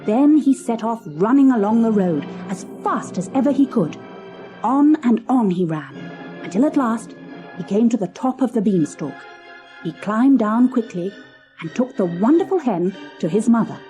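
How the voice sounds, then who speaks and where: A woman narrating a children's storybook in an expressive, lilting storytelling manner. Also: medium pitch. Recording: old cassette audiobook.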